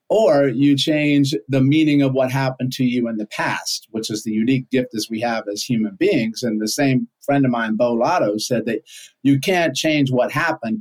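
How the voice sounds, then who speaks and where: A man's voice: medium pitch, a little mellow. A man on a podcast, explaining ideas in a conversational way with everyday examples and frequent rhetorical questions. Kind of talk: casual explanatory chat.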